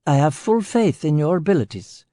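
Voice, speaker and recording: A man's voice: a little high, very animated, normal speed, mellow, dry recording, voice pushed up. A man doing a stiff, nervous delegation head. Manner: stiff, formal, polite.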